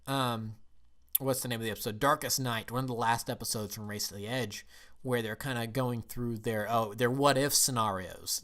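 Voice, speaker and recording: A man's voice: mid-range voice, fairly bright tone. A man talking casually as a film and TV reviewer, eager and rambling, often restarting his sentences.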